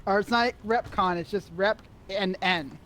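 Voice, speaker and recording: A man chatting while playing a game, halting and trailing off as he talks. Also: high voice, very noisy. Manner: halting, many fillers and restarts. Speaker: gamer. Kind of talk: casual chat while gaming.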